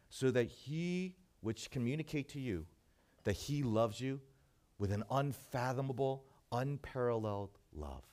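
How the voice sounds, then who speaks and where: A man preaching a sermon, shifting between soft hushed passages and emphatic points. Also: medium pitch. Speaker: pastor.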